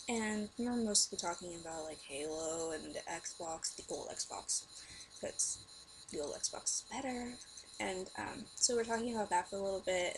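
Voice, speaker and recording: A woman's voice: mid-range voice, gravelly, slight background noise, poor audio. A young adult woman vlogger telling a family story in casual chat, rambling and sarcastic, with lots of fillers.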